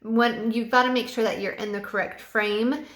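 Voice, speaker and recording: A woman who teaches English online, giving a relaxed, chatty tutorial with a few fillers. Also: a little high, moderate pace, roomy sound. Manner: bubbly sing-song teacher voice when quoting her class. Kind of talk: casual tutorial vlog.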